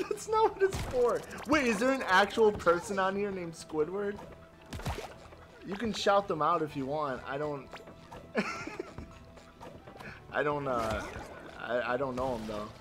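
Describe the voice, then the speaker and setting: An excitable male streamer chatting through his gameplay with a high, wildly swinging voice. He laughs, yelps and talks back to his chat. Game music plays clearly behind him. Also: slow pace, pauses often. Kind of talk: live gameplay commentary.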